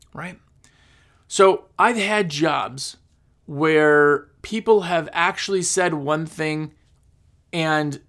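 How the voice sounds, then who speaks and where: Guy with a high gravelly voice, rambling advice talk, repeats stuff. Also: a bit bright. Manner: rambling, repeats himself, acts out customers. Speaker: cleaning business coach. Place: recording on his phone.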